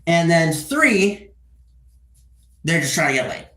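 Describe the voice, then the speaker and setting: A man's voice: fairly high pitch, very animated, slow, a bit bright, roomy sound. A twenty-year-old man chatting casually on a live stream, rambling with crude joking asides and tagging "right?" onto his sentences. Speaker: livestreamer.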